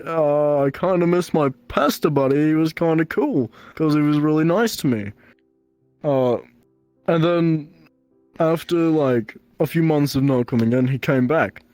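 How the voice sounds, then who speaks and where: A man's voice: a little high, a little mellow, no room sound. A young man co-hosting a podcast, telling a rambling story in casual chat and often stumbling over his words. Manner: rambling, stammers and repeats words. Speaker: podcast co-host.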